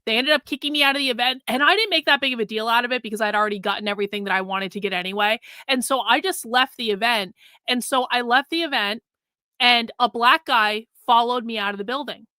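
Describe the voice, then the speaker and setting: A woman hosts her show and tells a story in an animated, casual way, swearing freely. Her voice is bright and a little high, with an edge of tension. The recording sounds dry and close. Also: fast, no echo. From United States. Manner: animated, profane, acts out her own past lines. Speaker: host.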